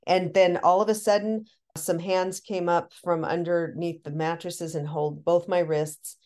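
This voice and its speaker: A woman with a fairly low-pitched voice tells a personal story to a podcast host. She talks in animated, excited bursts, restarting her sentences often. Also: measured pace. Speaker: podcast guest. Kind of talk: casual storytelling.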